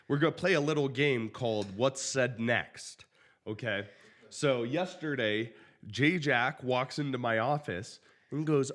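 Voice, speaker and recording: A man's voice: medium pitch, measured pace, a bit bright. A man in his thirties hosting a podcast, joking and teasing in casual banter. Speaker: podcast host. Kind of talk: casual chat.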